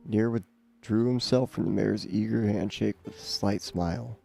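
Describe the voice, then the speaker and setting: A man's voice: on the low side, steady tone, normal speed, gravelly, mellow, faint music behind. A man reading a game novel aloud, doing the characters' voices and stumbling over words now and then. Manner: stumbles and repeats words, laughs at the text.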